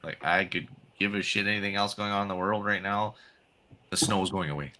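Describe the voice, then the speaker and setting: A man's voice: lowish voice, fairly even intonation, a little fast, crowd noise, low-quality recording. A man with a Canadian accent chatting on a livestream video call, laughing often as he tells stories. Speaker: guest caller. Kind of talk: casual livestream chat.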